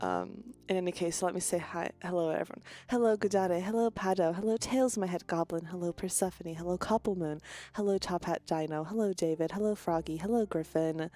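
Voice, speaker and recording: Deadpan, low-voiced woman streamer. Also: brisk. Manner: deadpan delivery. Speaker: VTuber streamer. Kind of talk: casual chat.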